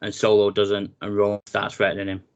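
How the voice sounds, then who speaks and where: A lower-voiced man co-hosting a laid-back wrestling podcast. He talks through the upcoming matches in an animated, joking way. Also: a little fast, smooth, lo-fi sound. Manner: animated, jokey, runs through the match card. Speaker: podcast co-host. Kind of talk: casual wrestling chat.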